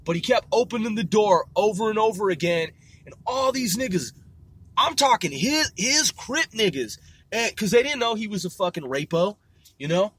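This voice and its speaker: A man from Seattle telling profane, rambling stories in a casual, animated way. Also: high voice, normal speed, slightly rough, no room sound. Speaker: podcast host. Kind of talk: casual storytelling.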